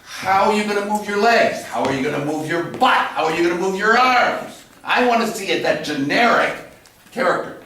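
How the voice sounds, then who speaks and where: A bright, forceful man coaches an actor in rehearsal, blunt and cursing, going from muttering to pressing hard. His voice sits a little high and sounds far off in a very echoey room. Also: expressive, normal speed, slight background noise. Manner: blunt, swearing, swings from quiet to loud pushing. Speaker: theatre director. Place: studio theatre rehearsal room.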